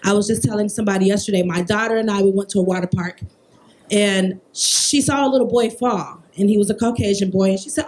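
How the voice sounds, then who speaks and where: A woman in her thirties, a behavior therapist on a festival panel, telling a personal story in an animated, emphatic way. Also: medium pitch, fairly quick, poor audio.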